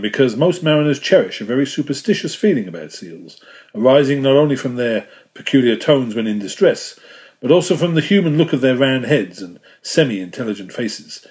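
A man reading a classic novel aloud as an audiobook narrator, measured and dropping softly at the ends of phrases. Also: medium pitch. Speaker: audiobook reader.

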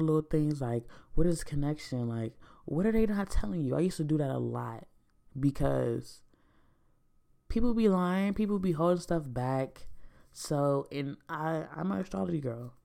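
A woman's voice: low voice, vocal fry, dark tone. A young woman talking to her viewers in a casual, rambling monologue, candid and slangy, swearing freely. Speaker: vlogger.

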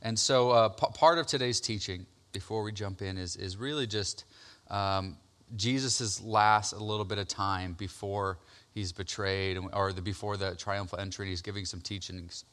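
With a lowish voice at a normal speed, this thirty-something male pastor delivers a chatty testimony sermon about his own life. Fillers and repetitions run throughout, and his volume and excitement climb as the story unfolds.

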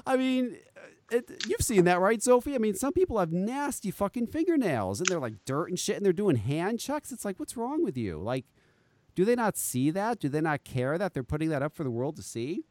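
Animated, swearing man hosting a podcast. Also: a little fast. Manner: animated, swearing storyteller with lively pitch swings. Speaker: podcast host. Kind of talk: casual chat.

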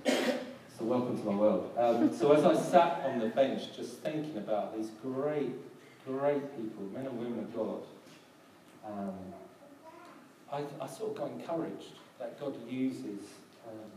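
A man's voice: medium pitch, unhurried, dark tone. A man preaching a sermon as pastor, hesitant with many ums and restarts, recorded in a church hall. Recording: echoey hall from far off, background noise.

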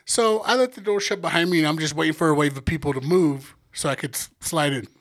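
Young male podcast co-host: crude, lively storyteller with a somewhat high voice. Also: quick pace. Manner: animated storytelling, acts out quotes. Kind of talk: casual profane podcast banter.

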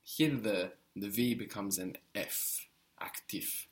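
A man's voice: lowish voice, slow pace. A man teaching a language lesson, patiently modeling words and encouraging the learner.

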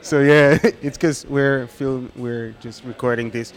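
A man hosting a podcast interview in a coffee shop, laughing often and halting with fillers. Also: mid-range voice, fairly even intonation. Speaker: podcast host. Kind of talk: casual interview chat.

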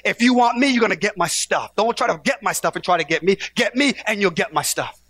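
High, bright-voiced preaching man. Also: very animated, fairly quick, hardly any pauses, no room sound. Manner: preaching with call-and-response exhortations; swings from hushed to shouted. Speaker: pastor. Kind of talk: sermon.

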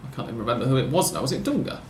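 A man's voice: mid-range voice, sing-song, very fast, echoey room, a little hiss or hum. A man hosting a casual football podcast, talking in long rambling sentences with wry self-corrections. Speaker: podcast host.

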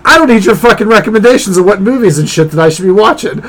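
A man's voice: high-pitched, expressive, fast, fairly bright tone. A man in his forties, blunt, sarcastic and profane, griping in casual podcast chat. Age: 40s. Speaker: podcast co-host.

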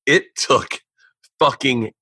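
A man with a bright, forward voice tells a rambling story on a podcast, swearing freely and restarting his sentences. The sound is close and dry, with almost no room in it. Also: mid-range voice, takes it slowly, slightly rough, dry recording, poor audio. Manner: animated, profane storytelling with frequent restarts. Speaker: podcast host. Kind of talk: casual storytelling chat. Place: indoor home studio.

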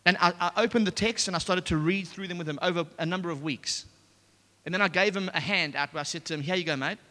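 A man gives a sermon, breaking into a personal story with lots of restarts and animated asides. His voice sits a little high and sounds bright and forceful. The recording has the long, echoing ring of a large hall. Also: fast. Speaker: preacher. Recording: echoey hall.

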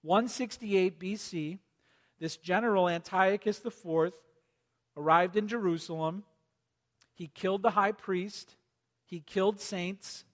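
A man preaching a sermon as pastor, animated and lively, asking the audience to take notes. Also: high-pitched, a little slow, long pauses, big-room sound. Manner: animated, acts out quoted voices, asks the audience to take notes.

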